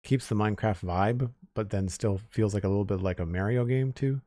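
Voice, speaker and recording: Male streamer, lower voice, easygoing chat with viewers, dry booth sound. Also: fairly quick, no room sound. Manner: relaxed, chatty, reads out chat names and thanks followers. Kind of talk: casual live-stream chat.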